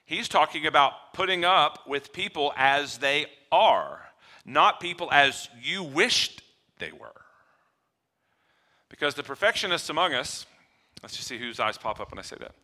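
A man preaching a sermon, shifting between quiet low passages and loud emphatic ones, acting out little dialogues with humor. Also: expressive, a little slow. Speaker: pastor.

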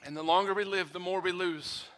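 A male pastor preaching a sermon, emphatic and given to drawn-out repetition. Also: high-pitched, steady tone, a bit bright.

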